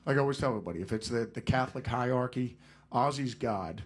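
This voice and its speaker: A middle-aged male musician with a medium-pitched voice, appearing as a guest in a casual interview. He tells rambling anecdotes, laughs often, and slips into quick impressions.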